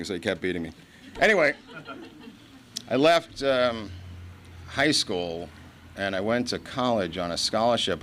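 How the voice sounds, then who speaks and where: A man's voice: fairly low pitch, a bit bright, slight background noise. Rambling middle-aged man telling his story. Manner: rambling storyteller with asides and chuckles. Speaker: recovery meeting speaker. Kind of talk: personal story told at a meeting. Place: meeting hall before an audience.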